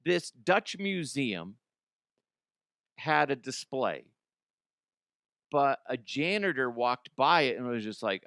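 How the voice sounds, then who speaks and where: A man's voice: mid-range voice, sing-song, slow pace, pauses often, a bit bright, clean tone, no room sound, studio quality. A man hosting a comedy show, riffing sarcastically on odd news stories, swearing freely and jumping into mocking voices. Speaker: comedy podcast host.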